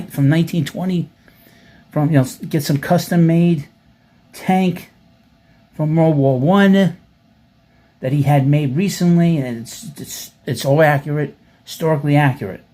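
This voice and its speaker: A man's voice: fairly high pitch, normal speed, dark tone. A man hosting casual commentary, reading out comments with blunt, profane sarcasm and rambling asides. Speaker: commentary host.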